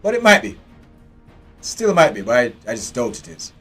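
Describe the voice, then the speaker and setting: A man's voice: medium pitch, very animated, moderate pace, fairly bright tone, breathy edge, soft background music. A man giving live commentary while playing a strategy game, chatting and talking to his game characters. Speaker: game streamer.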